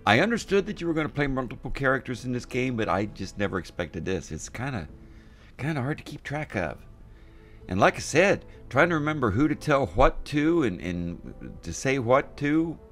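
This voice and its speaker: A man's voice: medium pitch, big pitch swings, normal speed, soft background music. An older man from West Virginia giving casual, rambling let's-play commentary, chatty and self-deprecating. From West Virginia, USA. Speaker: gameplay commentator.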